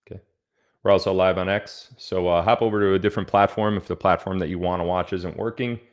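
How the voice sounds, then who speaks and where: Deep-voiced man hosting a rambling livestream. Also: steady tone, quick pace. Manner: rambling and joking, reading out viewer locations. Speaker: livestream host. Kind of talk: casual livestream chat.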